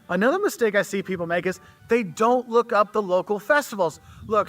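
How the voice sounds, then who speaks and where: In a sharp, high-pitched voice, a travel video creator chats directly to the camera with casual advice, checking in with the viewer and saying "okay?" again and again.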